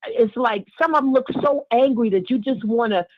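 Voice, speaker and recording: A woman calling in to a radio show, speaking heartfelt and casual, with warm asides and repeated words. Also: fairly high pitch, moderate pace, dry recording. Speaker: caller. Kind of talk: casual call-in talk. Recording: tinny phone line.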